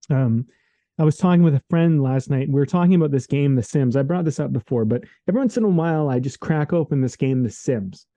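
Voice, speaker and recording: This co-host has a fairly high but dark-toned voice, captured dry through a remote call microphone. In a relaxed, reflective podcast chat, he rambles earnestly and leans heavily on "like" and "man."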